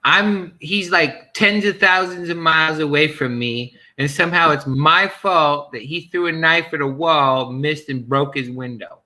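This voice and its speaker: Streamer guy with a super bright sharp voice, dry amused comments. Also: a little high, unhurried, few pauses.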